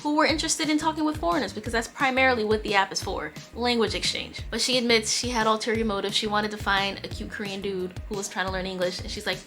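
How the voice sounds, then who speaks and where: A woman's voice: mid-range voice, quick pace, pushed and bright, faint music behind. A woman chatting through a dating story on her channel, emphatic with sassy asides. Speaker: YouTuber telling a dating story. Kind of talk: casual storytime narration.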